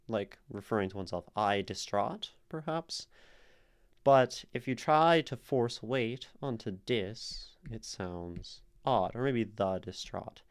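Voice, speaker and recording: A man's voice: fairly low pitch, expressive, slow, clear, resonant tone. A man streaming live, casually explaining poetic meter and sounding out the stress in words as he thinks aloud. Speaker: streamer analyzing poetry.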